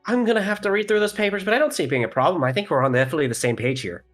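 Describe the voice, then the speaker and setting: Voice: mid-range voice, rapid-fire, soft background music. A player in a tabletop game, speaking in an easygoing, amused way.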